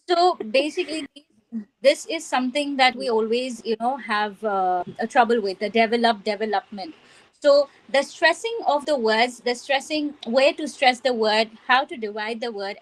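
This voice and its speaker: A woman's voice: a little high, low-quality recording. A woman with an Indian English accent teaching pronunciation on a webinar video call, earnest and explanatory, with many fillers. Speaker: phonics and language trainer, guest.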